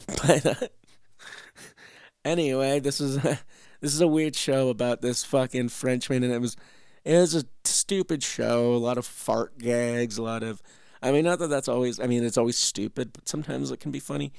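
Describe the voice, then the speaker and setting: A young man from Canada rambles through casual commentary, swearing and restarting his sentences. His voice is heavily gravelly. The sound is dry and close, with no room echo. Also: medium pitch, moderate pace, darkish tone. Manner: rambling, profane, self-interrupting. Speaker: host.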